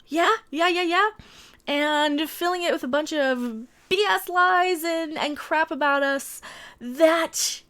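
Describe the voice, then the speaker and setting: A woman's voice: high-pitched, takes it slowly, a bit bright. A woman commentator reading and mocking an article in a profane, sarcastic rant full of exaggerated exclamations. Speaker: online commentator reacting to an article.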